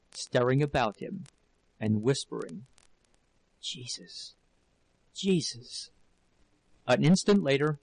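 A man narrating a classic novel as an audiobook, in a measured, deliberate reading. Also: mid-range voice, creaky, dry recording, rough recording.

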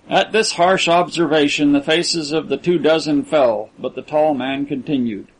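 A man narrating a story as an audiobook reader, in an even, unhurried manner. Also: a little high, breathy edge, poor audio. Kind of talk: scripted narration.

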